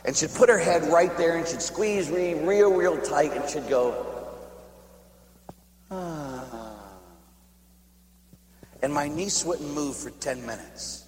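A priest from Pittsburgh preaching a storytelling sermon, swinging from shouts to hushed, near-whispered lines and tagging his sentences with "huh?". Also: medium pitch. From Pittsburgh, USA. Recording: echoey hall with faint hum.

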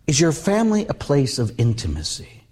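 A middle-aged male Catholic priest giving a storytelling sermon, acting out the quotes in his stories with big swings in his voice. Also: moderate pace. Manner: animated, acts out quotes with big pitch jumps.

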